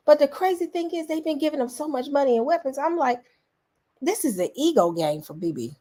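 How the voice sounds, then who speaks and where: A woman, a vlogger giving lively reaction commentary and talking straight to her viewers. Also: high-pitched, a little fast. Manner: animated, exclaiming, addresses viewers as y'all.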